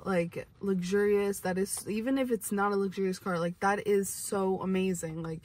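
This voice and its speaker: This young adult vlogger has a darkish, medium-pitched voice with fairly even intonation and normal speed. Her casual story to camera wanders, packed with "like" and false starts, and she's recorded at a distance from the mic.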